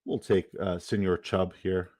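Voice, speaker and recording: A man's voice: sits low, steady tone, measured pace, a little mellow, breathy edge, no echo, low-quality recording. A man hosting a fantasy football livestream, chatting casually, joking and reading out the chat. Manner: upbeat, jokey, reads chat aloud.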